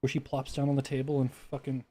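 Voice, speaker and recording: Talking to his cat by a desk microphone at home, a streamer coos and coaxes her in casual pet talk, tossing out offhand mutters. His medium-pitched voice is dark in tone, and he speaks quickly with a totally flat delivery.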